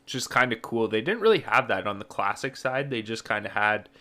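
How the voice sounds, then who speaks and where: A man streaming a game, talking casually to his viewers in a relaxed, rambling way with lots of fillers. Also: on the low side, brisk. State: yawning, sleepy. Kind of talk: casual gaming chat with chat viewers.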